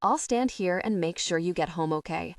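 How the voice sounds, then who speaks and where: A woman voicing a gentle, devoted young man speaking sincerely to his lover. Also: fairly low pitch, moderate pace, dry recording, studio quality, far from the mic, natural voice. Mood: tender.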